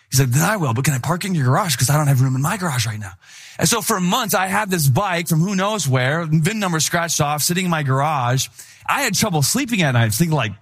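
A young adult man, a pastor, preaching a sermon in a lively, conversational storytelling way. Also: on the high side, quick pace, breathy edge.

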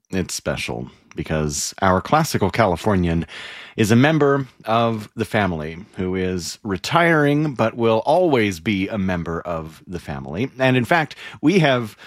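Radio host guy, lowish voice that moves around a lot, music playing under him. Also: no echo, clean studio sound. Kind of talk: scripted radio introduction. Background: classical music.

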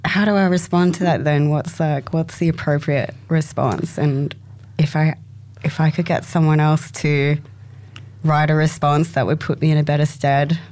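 A woman guest chats on a radio show in a low, warm voice. She sounds wry and thoughtful as she muses. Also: steady tone, normal speed. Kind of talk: casual radio chat.

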